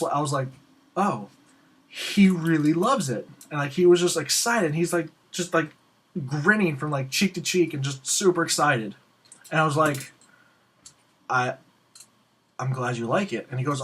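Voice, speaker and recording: A young man hosting a casual Q&A show, telling a rambling, excitable story and acting out the lines of the people in it. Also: on the high side. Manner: excitable, rambling, acts out quoted dialogue. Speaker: host of a Q&A show.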